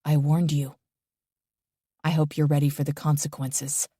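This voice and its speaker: A woman narrator voicing a controlling husband who speaks smoothly in public and threatens in a low voice, in an audiobook. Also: flat delivery, unhurried, warm tone, no echo, clean studio sound. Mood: menacing. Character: controlling husband, quietly menacing man.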